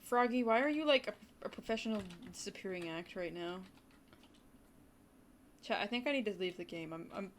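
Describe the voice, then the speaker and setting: This woman's medium-pitched voice is animated and brisk, broken by long pauses, as she provides casual gaming commentary on a livestream. She chats with viewers and drops into quick whispered asides, with faint keyboard typing and slight background noise behind her.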